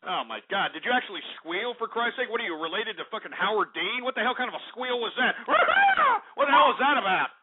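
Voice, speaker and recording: Male talk radio host, high voice, brash and insulting, phone-like lo-fi broadcast sound. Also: animated, fast, hardly any pauses, slight background noise. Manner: abrasive, insults and mocks callers.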